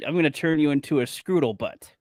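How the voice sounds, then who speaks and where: A man in a casual chat, puzzled and halting, often restarting his sentences. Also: fairly high pitch, darkish tone, no room sound, clean studio sound.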